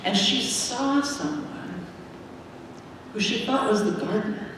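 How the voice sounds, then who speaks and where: A woman minister telling a simple story to children during a church service, in a gentle, plain way. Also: medium pitch, lively intonation, takes it slowly, background noise. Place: large church sanctuary. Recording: echoey sanctuary from far off.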